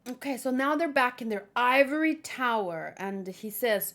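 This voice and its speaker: A woman's voice: a little high, moderate pace, hardly any pauses, a bit bright. A woman reading a comic aloud and chatting about it, gushing and emotional. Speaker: manga read-along host. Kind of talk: casual comic read-aloud with commentary.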